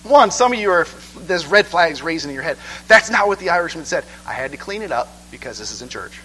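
A man preaching a sermon in church, conversational and animated, asking "okay?" again and again. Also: a little high, fast talker, a little hiss or hum, low-quality recording.

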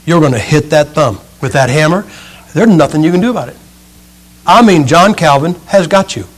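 A middle-aged man preaching a sermon with animated, folksy storytelling and humor. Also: fairly high pitch, normal speed, breathy edge.

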